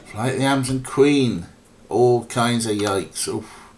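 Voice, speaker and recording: A man's voice: mid-range voice, unhurried, a little hiss or hum. A man casually commentating a game stream, rambling and mocking, with lots of ums and swearing. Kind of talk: casual let's play commentary.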